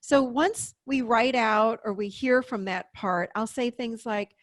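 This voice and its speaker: A woman in her fifties, a therapist, explaining in an animated way during an interview. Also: fairly high pitch, unhurried, hardly any pauses, no room sound, studio quality. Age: 50s. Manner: animated, explaining with acted-out inner voices. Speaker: therapist and podcast guest. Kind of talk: interview conversation.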